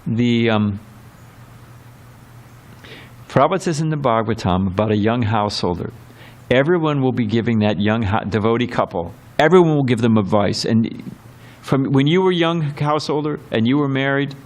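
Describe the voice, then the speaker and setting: A man's voice: medium pitch, animated, moderate pace. A man giving a temple scripture class in a rambling, conversational way, full of asides and acted quotes. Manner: rambling and conversational, many fillers and quoted voices. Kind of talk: temple sermon lecture. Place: temple hall.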